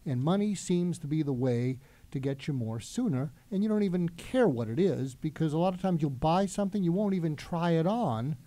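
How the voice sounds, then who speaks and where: Dark-voiced man telling a story. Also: on the high side, expressive, brisk, few pauses, no echo. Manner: reflective, anecdotal, with frequent fillers. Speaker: guest doctor. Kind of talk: storytelling on a talk show.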